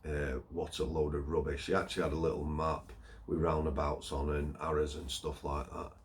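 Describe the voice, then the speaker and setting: A man's voice: a bass voice, level tone, moderate pace, a little hiss or hum. A middle-aged man, a former prison officer telling a story in a blunt, scornful way, broken into short phrases with plenty of "you know"s. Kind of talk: casual storytelling monologue.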